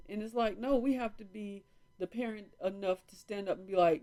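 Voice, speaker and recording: A woman's voice: medium pitch, brisk, dark tone. A woman in casual live-stream talk, chatting to viewers as y'all from home with a small microphone. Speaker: vlog host. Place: indoors, at home. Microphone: small microphone on a phone or camera.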